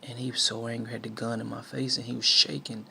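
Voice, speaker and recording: Gravelly man telling a faith testimony. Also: mid-range voice, level tone, fast talker, bright, forceful tone, slight background noise. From southern United States. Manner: storytelling with many restarts and fillers, acts out quotes. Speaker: speaker sharing a life lesson. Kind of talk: personal testimony, preaching tone.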